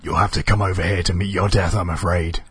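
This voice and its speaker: A man's voice: low-pitched, level tone, quick pace, a bit bright, husky, no echo, heavily acted. A man voicing a gloating, cackling haunted door that turns out to be lonely. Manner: gloating, then whiny and pleading.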